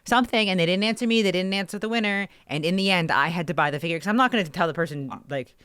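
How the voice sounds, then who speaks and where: A woman co-hosting a podcast, telling a story in an animated, ranting way with swearing, close to her microphone. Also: on the low side, rapid-fire, clean tone, dry recording. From Canada. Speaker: podcast co-host. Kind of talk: casual podcast chat. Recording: dry close-mic sound.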